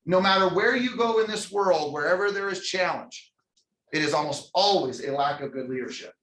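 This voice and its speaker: Male sales trainer, higher voice, energetic motivational delivery, echoey room sound. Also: normal speed. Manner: energetic, preachy, calls out audience members by name. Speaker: real estate sales trainer. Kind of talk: motivational training talk to an audience.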